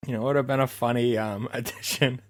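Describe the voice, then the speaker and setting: A man's voice: medium pitch, fairly even intonation, fast talker. A man co-hosting a podcast in casual chat, making dry, matter-of-fact jokes. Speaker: podcast co-host.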